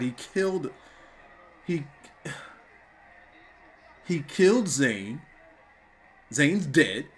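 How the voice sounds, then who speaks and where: A young man reacting live on camera for his review channel, stunned and repeating exclamations, with bursts of shouting. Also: on the high side, very animated, drawn-out words, long pauses. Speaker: wrestling reviewer.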